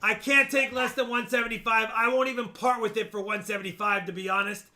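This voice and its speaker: A man's voice: sits high, fairly even intonation, fast, sharp tone. A man hosting a live coin auction stream, chatting casually and joking about the coins as he shows them. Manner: chatty, jokey, talks coin grades and dates.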